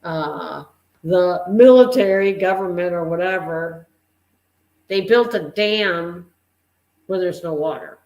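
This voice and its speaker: Slow, musing podcast co-host in a roomy space. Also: medium pitch, a little mellow. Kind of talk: casual podcast chat. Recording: roomy echo.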